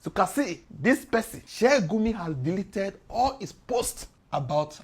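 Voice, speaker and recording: A woman with a Nigerian Pidgin English accent, talking through the news in a casual, animated explainer, her voice swinging between loud and soft. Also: medium pitch, a little slow, husky. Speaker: commentator.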